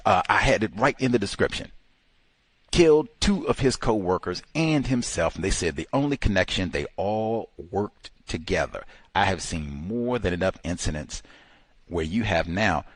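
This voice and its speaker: A man with a low, husky voice delivers heated talk-show commentary. His pitch swings widely as he fires off exclamations and rhetorical questions. The sound is close and dry. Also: no room sound. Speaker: host. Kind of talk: impassioned commentary.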